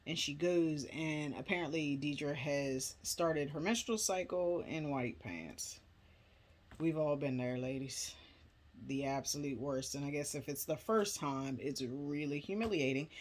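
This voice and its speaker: A woman casually retelling a film's plot in a chatty, rambling way, full of filler words. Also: low-pitched. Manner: chatty, rambling, many "you know" fillers. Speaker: movie recap vlogger. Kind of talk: casual movie plot recap.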